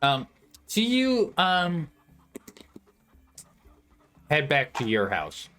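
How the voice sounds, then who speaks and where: A man narrating as game master, speaking haltingly with many fillers and frequent laughs. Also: fairly high pitch, wildly swooping pitch, bright, forceful tone, faint music behind.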